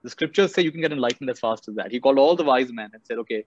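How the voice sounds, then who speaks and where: Male speaker with Indian English accent, quick animated storytelling talk; muffled recording. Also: mid-range voice, a little hiss or hum. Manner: animated, acts out characters. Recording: dull muffled audio.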